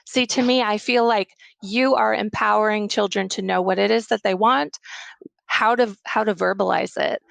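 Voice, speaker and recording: Candid gravelly-voiced woman on a panel. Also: medium pitch, moderate pace, no room sound. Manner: animated, candid storytelling with frequent restarts. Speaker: summit panelist, mother of three. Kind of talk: casual panel discussion.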